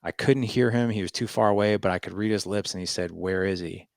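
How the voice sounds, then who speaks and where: A man in his forties with a low, gravelly voice tells a story as a podcast guest. He acts out the quotes with lively "I was like" asides. The sound is dry and close. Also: quick pace, dry recording. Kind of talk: storytelling interview.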